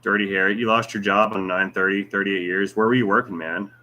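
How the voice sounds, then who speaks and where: Guy doing a live q&a off chat, low-ish voice but bright and forceful, jokey, teases folks. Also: fairly even intonation, a little fast. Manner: joking and teasing, rambling asides. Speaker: YouTube channel host. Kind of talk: casual livestream Q&A reading chat.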